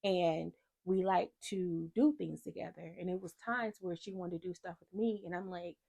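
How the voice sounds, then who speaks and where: A woman speaking in a lower register with a gravelly, fry-laced edge, telling her own story to camera in casual vlog talk. She is animated and slips into the voices of the people she quotes. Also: moderate pace. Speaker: vlogger.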